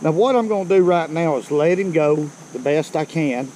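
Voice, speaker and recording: A man's voice: fairly high pitch, lively intonation, moderate pace, dark tone, slight background noise, rough recording. An older man, chatting folksily to his viewers while fishing on a creek bank outdoors, a bit out of breath. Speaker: fishing vlogger. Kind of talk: casual outdoor vlog. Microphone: body-worn camera.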